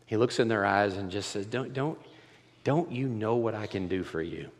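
A man's voice: lowish voice, moderate pace. Impassioned male preacher in a reverberant hall. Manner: swings from hushed to loud impassioned preaching. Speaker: pastor. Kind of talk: sermon.

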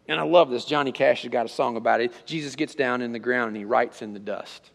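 A male pastor preaching a sermon in a conversational style, repeating words and swinging between loud emphasis and near-quiet storytelling. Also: mid-range voice, quick pace, vocal fry, few pauses, big-room sound.

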